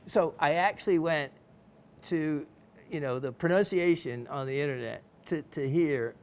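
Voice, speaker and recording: Folksy gravelly Southern man. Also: fairly high pitch. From American South. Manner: folksy, rambling, playful, with frequent fillers and laughs. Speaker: gemstone show host. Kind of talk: casual chat reading viewer messages.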